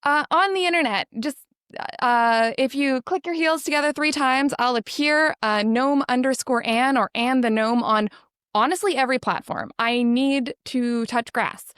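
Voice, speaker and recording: Giggly, self-mocking woman from Italy, high animated voice, dry close mic. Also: normal speed, clean tone, dry recording. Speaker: guest streamer. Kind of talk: casual podcast chat.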